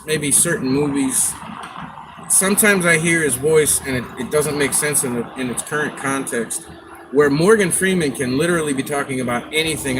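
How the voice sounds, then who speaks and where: Chatty man rambling on a noisy stream. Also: medium pitch. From Scotland. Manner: rambling, chatty storytelling with quoted asides. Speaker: livestream host. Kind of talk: casual chat.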